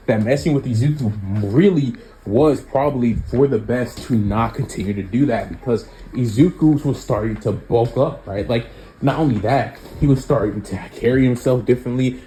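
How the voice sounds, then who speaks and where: A man's voice: mid-range voice, mellow, a little hiss or hum, rough recording. A man casually telling a fan-made story, rambling with many fillers.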